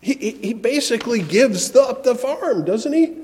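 A man preaching a sermon, shifting between soft, reflective passages and emphatic ones. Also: extremely high pitch, expressive, moderate pace, hardly any pauses. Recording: long hall reverb.

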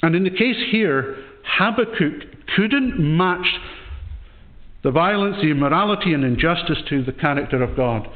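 A man's voice: a little high, lively intonation, normal speed. A man preaching a sermon in a church, in an earnest, questioning way with frequent restarts. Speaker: pastor. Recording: tinny phone-like sound.

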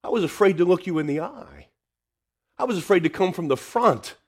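A man's voice: high voice, lively intonation, fairly quick, husky, pitched above the performer's own voice. A man voicing a frightened, ashamed woman who pleads anxiously in a sermon retelling. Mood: pleading.

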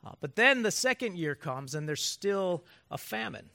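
A man's voice: high voice, big pitch swings, normal speed, creaky, sharp tone. A man preaching a sermon as pastor to his congregation, emphatic and building through rhetorical questions.

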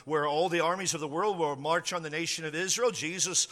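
A male pastor preaching a storytelling sermon, animated and acting out scenes, in an echoey church hall. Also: on the high side, a little fast.

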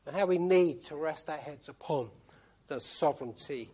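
Emphatic high-voiced male preacher. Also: moderate pace, warm tone, breathy edge. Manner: emphatic, repeats key phrases; asks rhetorical questions. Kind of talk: sermon.

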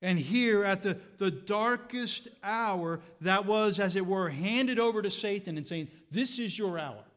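A man with a high-pitched voice preaching a sermon to his congregation. He asks rhetorical questions with rising fervor and at times drops to a quiet, reflective tone. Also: a little slow, hardly any pauses. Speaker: pastor.

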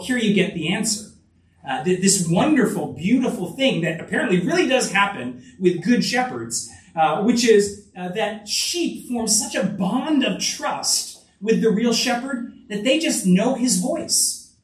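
Animated man preaching in an echoey room. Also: unhurried, recorded from a distance. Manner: earnest, with frequent restarts and lively rises in pitch. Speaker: pastor. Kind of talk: sermon.

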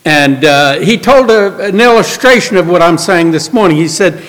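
High-voiced preacher in an echoey hall. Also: male voice, animated, moderate pace, hardly any pauses, a bit bright. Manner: storytelling, earnest, acts out quotes. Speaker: pastor. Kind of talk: sermon.

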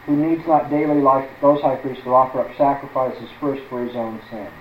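A man's voice: medium pitch, fairly even intonation, normal speed, hardly any pauses, roomy sound, narrow, tinny audio, slight background noise. A man teaching through a Bible passage as a preacher, stressing words one by one and putting questions to his listeners.

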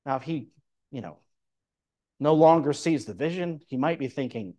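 A man's voice: a little high, lively intonation, normal speed, dark tone. A man preaching, explaining a Bible passage verse by verse and reading scripture aloud. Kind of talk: Bible teaching sermon.

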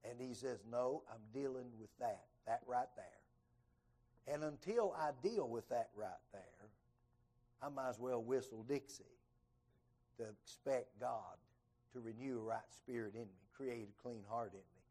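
A man's voice: medium pitch, a little slow, breathy edge. Folksy man preaching a sermon. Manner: folksy storyteller who acts out quoted dialogue with rising, lively voice. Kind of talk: evening sermon, storytelling.

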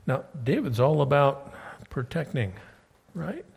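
A man preaching a sermon, telling a Bible story in a conversational way and reading scripture aloud with loud, emphatic peaks. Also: a little high, big pitch swings, unhurried, vocal fry, slightly rough, big-room sound.

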